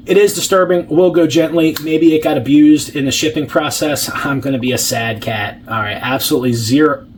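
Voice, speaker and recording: A man's voice: on the high side, a little hiss or hum. Chatty, swearing man reviewing rations. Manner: chatty, blunt and swears freely; talks while unpacking and tasting food. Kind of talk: casual food-tasting vlog.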